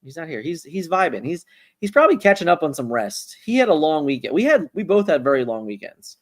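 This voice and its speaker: Male card-game streamer, mid-high voice, loose rambling chat, lots of restarts. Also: brisk. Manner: rambling, repeats words, animated. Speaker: livestream host. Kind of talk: casual livestream chat.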